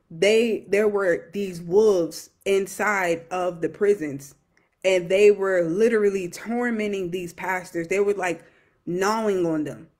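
A young adult minister giving an emotional personal testimony, earnest and repetitive, with many fillers and restarts. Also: mid-range voice.

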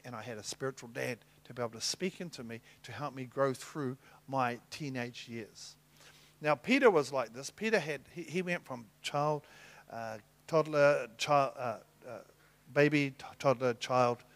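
A middle-aged man preaching a sermon, telling Bible stories and acting out the dialogue with big swings in loudness. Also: mid-range voice, normal speed. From New Zealand. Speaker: apostle preaching.

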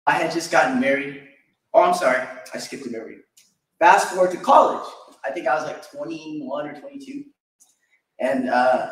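Young man with a higher voice gives an affectionate eulogy, heard from a distance in a very echoey church. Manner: storytelling, chuckling fondly. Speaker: eulogy speaker. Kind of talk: personal memorial tribute. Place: church sanctuary.

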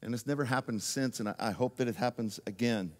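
A man who is a pastor, telling a lively story in a sermon, moving from loud excitement down to hushed intensity. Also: mid-range voice, quick pace. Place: church sanctuary. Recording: long church reverb.

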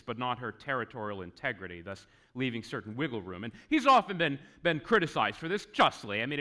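Lively, wry man giving a lecture. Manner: conversational and wry, with asides to the audience; lively, swinging pitch for emphasis. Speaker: historian giving a conference lecture. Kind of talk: conference lecture. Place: conference hall.

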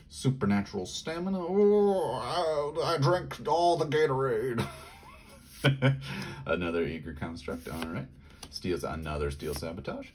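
Excitable man opening card packs. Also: gravelly, husky. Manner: excitable, yelping in high bursts; rattles off card text quickly. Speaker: card pack opener. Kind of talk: casual pack-opening commentary.

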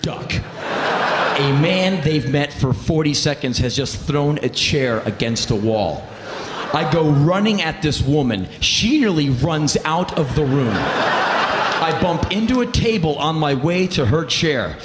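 A man performing spoken word, telling a comic story in an intense, profane, animated way. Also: a little high, takes it slowly, very noisy. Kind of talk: live comedic storytelling. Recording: reverberant hall with faint ambience.

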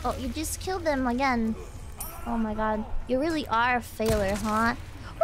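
A young woman streaming a game, chatting casually, excitable and giggly, often bursting into squeals. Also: fairly high pitch, normal speed, very noisy. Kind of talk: casual gameplay chat.

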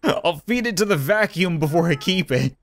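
A man's voice: high voice, expressive, normal speed, slight background noise. A young man commentating a life-simulation game in a casual, sarcastic way, laughing often. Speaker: gaming commentator.

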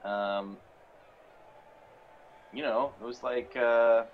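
A man's voice: mid-range voice, fairly even intonation, drawn-out words, a little hiss or hum. A man chatting casually while playing a game, telling a long rambling story with fillers and little laughs. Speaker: player. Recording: dull lo-fi stream audio with faint ambience.

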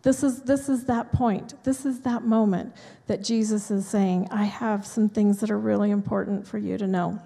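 A woman's voice: medium pitch, steady tone, normal speed, vocal fry, few pauses, mellow. A woman pastor giving a sermon in a conversational, chatty way, with asides to the congregation. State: dry mouth from allergy medicine. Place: church sanctuary. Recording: long hall reverb in a church.

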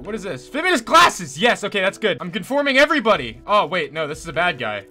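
High, bright-voiced profane young gamer. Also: male voice, sing-song, brisk, few pauses, soft background music. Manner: exasperated, profane, sarcastic. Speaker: gaming YouTuber. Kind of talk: game commentary.

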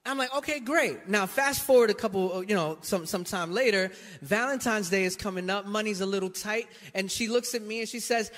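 A man's voice: high voice, fairly quick, hardly any pauses, a bit bright, long reverb tail. A pastor from New York City telling a funny story in his sermon, acting out both sides of it.

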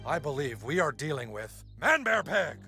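High pompous cartoon crusader, super self important, bouncy delivery. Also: male voice, big pitch swings, normal speed, sharp tone, soft background music, exaggerated voice. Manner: boastful, earnest, urgent.

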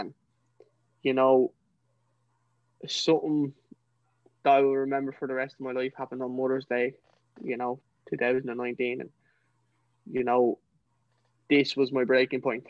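A man's voice: mid-range voice, dry recording, highs cut off. A young man with a Dublin Irish accent, a podcast guest telling his personal story in an earnest, emotional way, often saying "you know". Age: young adult.

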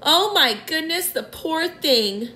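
A woman's voice: sits high, expressive, slow pace, bright, forceful tone, slight background noise, voice pushed up, heavily acted. A woman voicing a kind, motherly female ladybird in a storybook reading. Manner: kind, reassuring. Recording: roomy echo.

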